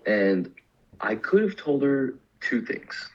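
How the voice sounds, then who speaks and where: A man's voice: medium pitch, slow, dull audio. A man co-hosting a business podcast, telling a story in a casual chat and acting out the quoted lines. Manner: animated storytelling, acts out quotes. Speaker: podcast co-host.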